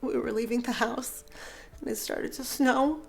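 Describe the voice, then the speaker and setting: A woman in her thirties sharing her personal story in an earnest, halting way, with fillers and soft laughs. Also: fairly high pitch, steady tone, creaky, soft background music. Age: 30s. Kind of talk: candid personal testimony.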